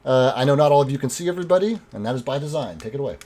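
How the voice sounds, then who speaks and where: Game master, male, mid-pitched, relaxed rules explainer at the table. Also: very fast.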